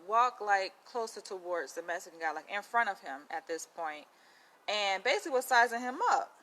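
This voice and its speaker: Bright-voiced woman telling a story. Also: medium pitch, rough recording. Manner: chatty, animated, lots of "like" and "you know". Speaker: vlogger. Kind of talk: casual storytelling to camera.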